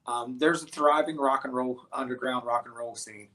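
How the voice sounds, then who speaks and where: Excited American musician telling a story. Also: male voice, mid-range voice, normal speed. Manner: animated storyteller, many restarts and fillers. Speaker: guest musician. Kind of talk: casual interview storytelling.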